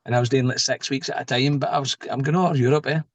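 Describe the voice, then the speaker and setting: A man's voice: medium pitch, rapid-fire, no echo. A middle-aged man with a Scottish accent, a lorry driver telling a story in casual chat, acting out the people in it. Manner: animated anecdote-telling, voicing people in his story.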